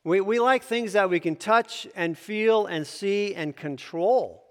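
A man leads a Bible lesson in a loose, conversational way, stopping to correct himself and add asides. His voice sits a little high. The sound rings with the long echo of a large church hall. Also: slow pace. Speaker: bible teacher. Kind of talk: bible teaching.

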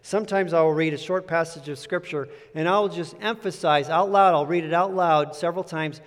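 Slightly high-voiced pastor in a reverberant hall. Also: male voice, brisk. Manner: earnest, conversational preaching with emphatic repetition. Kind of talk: sermon. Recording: long reverb of a large hall.

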